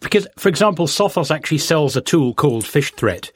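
A man's voice: fairly high pitch, expressive, fairly quick, background noise. A man guesting on a podcast, wry and teasing in casual chat.

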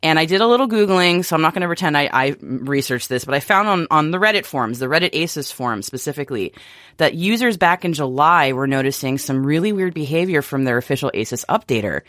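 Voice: medium pitch, animated, quick pace, a bit bright, no echo, studio quality. An American podcast co-host in a casual tech-news chat, talking with frequent restarts and laughs. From United States. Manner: chatty, laughs often, many restarts.

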